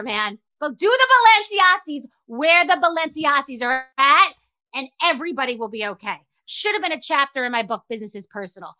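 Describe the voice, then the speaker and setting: A woman hosting a show, talking in a casual, animated, profane rant that mocks herself. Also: high voice, moderate pace. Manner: animated, profane, self-mocking. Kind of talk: casual ranty monologue.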